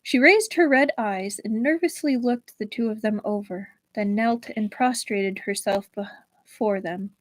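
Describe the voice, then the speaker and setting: A woman reading a novel aloud on a livestream in a measured, expressive storytelling manner. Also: medium pitch, dry recording, poor audio. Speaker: livestream book reader.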